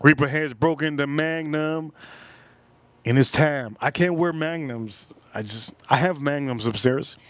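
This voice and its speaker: A man's voice: on the high side, unhurried, fairly bright tone, dry recording. A man hosting a live stream, chatting loosely to his viewers and repeating phrases as he talks. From South Florida. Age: adult, older than in his youth. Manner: rambling, talks straight to chat, repeats himself. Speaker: livestream host. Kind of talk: casual live-stream chat.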